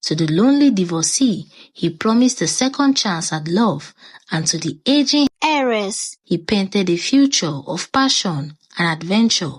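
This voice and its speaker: A woman narrating a scripted story with dramatic, expressive delivery. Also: mid-range voice, a little slow, husky.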